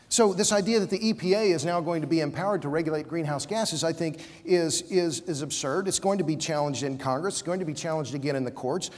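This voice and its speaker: Man, high-ish voice, combative debate panelist, stumbles when heated; long hall reverb. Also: darkish tone. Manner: combative, emphatic, stammers when worked up. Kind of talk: conference debate argument. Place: conference hall.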